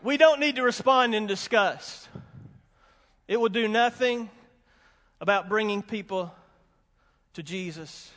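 A man's voice: sits high, measured pace, pauses often, fairly bright tone. A man preaching a sermon as pastor, emphatic and folksy, repeating his warnings with humorous asides. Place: church sanctuary with congregation. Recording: long hall reverb.

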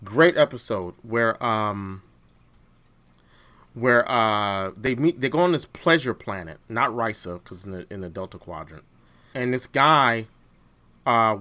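Male podcast co-host, casual and halting, bright tone. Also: mid-range voice. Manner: hesitant, many fillers and restarts. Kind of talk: casual chat.

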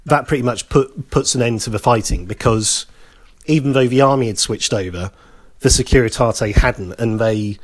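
Brief: male podcast co-host, chatty storyteller, middle pitch, loose and repetitive delivery. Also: moderate pace. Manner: conversational, repeats phrases, acts out quoted lines. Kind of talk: casual storytelling chat.

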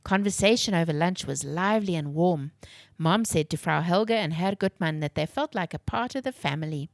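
A woman storyteller reads a children's adventure aloud in a clear, expressive voice. Her voice sits a bit low, and the recording is dry and close. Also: fairly quick, no echo.

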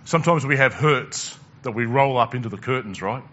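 A man's voice: mid-range voice, brisk, fairly bright tone, lo-fi sound. A male pastor preaching a conversational sermon, asking the congregation questions and repeating words as he goes.

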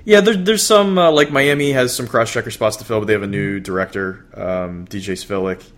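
A man co-hosting a podcast, talking baseball in a relaxed, chatty way with plenty of fillers and restarts. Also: fairly low pitch, a little fast. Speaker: podcast co-host. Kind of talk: casual baseball chat.

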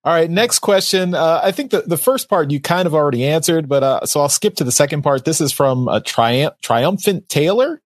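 A man's voice: a little high, lively intonation, moderate pace, hardly any pauses, no room sound, studio quality. Upbeat male podcast host reading questions. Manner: upbeat, laughs often, reads questions aloud.

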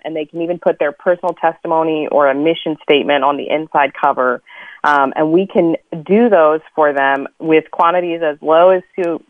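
A woman's voice: sits low, dry recording. A woman guest on a radio interview who explains things in an upbeat way with frequent ums. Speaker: ministry guest. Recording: dry tinny phone line.

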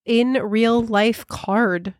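A woman's voice: a little high, fairly even intonation, very slow, no room sound. Playful woman podcast co-host, dry studio sound. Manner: playful, laughs often, reads mail aloud. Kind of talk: casual chat, reading listener mail.

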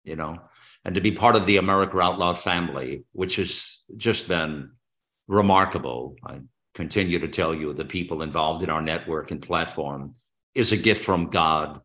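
A man with a very low voice hosts a talk radio show. He speaks with fervent, patriotic passion, circling back and restarting his sentences as he goes. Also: moderate pace, fairly bright tone. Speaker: radio host.

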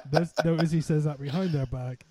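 Swearing man, slightly high, dry sound. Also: fairly even intonation, a little fast, darkish tone, dry recording. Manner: swearing, mock-indignant. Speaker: podcast guest. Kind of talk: casual banter on a call.

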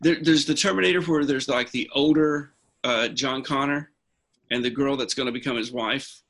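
A man's voice: mid-range voice, steady tone, moderate pace, fairly bright tone. A man in casual podcast chat, telling long rambling stories with many restarts. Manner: rambling storyteller, restarts a lot.

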